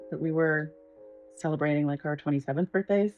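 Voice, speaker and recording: A woman's voice: sits low, fairly quick, a little mellow, faint music behind. A woman recording a reflective birthday message to a longtime friend. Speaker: friend giving a birthday tribute. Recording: dull lo-fi audio.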